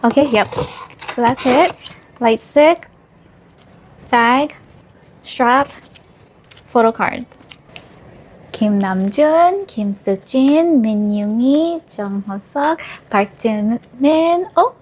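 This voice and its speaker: A woman's voice: fairly high pitch, expressive, slow, long pauses, darkish tone. A woman filming an unboxing vlog, gushing, gasping and squealing with delight. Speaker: vlogger.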